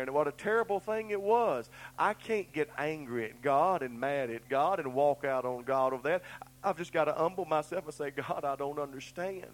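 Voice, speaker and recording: A man's voice: a little high, low-quality recording. A middle-aged man, preaching a sermon in a folksy, earnest way and telling down-home stories. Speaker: pastor.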